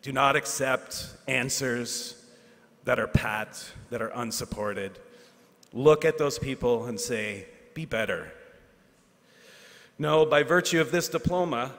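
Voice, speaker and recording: A man, a teacher giving a graduation speech, earnest and self-deprecating, with asides and pauses for effect. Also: mid-range voice, a bit bright. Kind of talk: ceremonial speech. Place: large hall at a ceremony. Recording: hall reverb.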